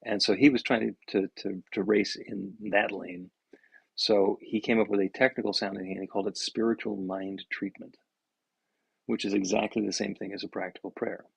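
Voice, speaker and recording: A man with a deep gravelly rasp and a husky edge explains prayer in casual podcast talk. He restarts and repeats his words as he goes. His voice is set close and dry with no room sound. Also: steady tone, normal speed, no echo, poor audio. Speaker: minister and podcast co-host.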